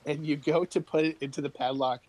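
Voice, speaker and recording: A man's voice: on the high side, fairly even intonation, a little fast, darkish tone, dry recording, low-quality recording. Man narrating as game master.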